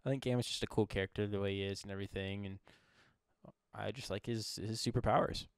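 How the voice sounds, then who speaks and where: A man's voice: lowish voice, fairly even intonation, fast, clean tone, dry recording, studio quality. A man co-hosting a movie review podcast, chatting casually and joking, often laughing. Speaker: podcast co-host.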